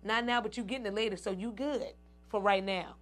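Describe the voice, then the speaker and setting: Hosting her own show, a woman chats casually with her viewers, calling them "y'all" and "ladies" and laughing often. Her mid-range voice is brisk and fairly bright.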